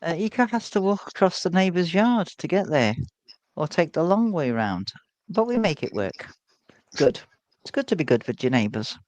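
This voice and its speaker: A man's voice: on the high side, big pitch swings, normal speed, darkish tone, dry recording, poor audio. Chatty British man with a dry sound. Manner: chatty, laughs often. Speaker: livestream host. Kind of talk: casual livestream chat. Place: beach hut.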